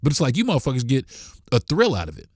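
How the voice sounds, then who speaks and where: A man's voice: mid-range voice, huge pitch swings, fast, darkish tone, breathy edge, no echo, clean studio sound. A man hosting a podcast, delivering a blunt, profane, heated monologue. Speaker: podcast host.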